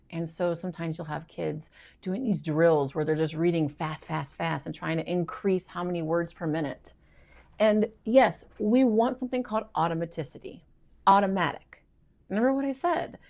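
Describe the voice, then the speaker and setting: Gravelly-voiced woman reading tutor. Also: lowish voice, darkish tone. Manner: chatty, self-correcting, thinks aloud. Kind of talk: explanatory video lesson.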